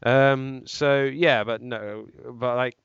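A man hosting a casual tech podcast, rambling and halting through speculation with lots of fillers. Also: mid-range voice, steady tone, vocal fry, fairly bright tone, smooth, no echo, muffled recording. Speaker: podcast host.

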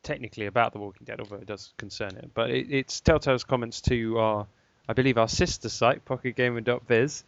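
A man's voice: medium pitch, steady tone, fairly quick, gravelly, few pauses, no echo. A man hosting a podcast in rambling casual chat, laughing often. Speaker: podcast host. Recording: dull lo-fi podcast sound.

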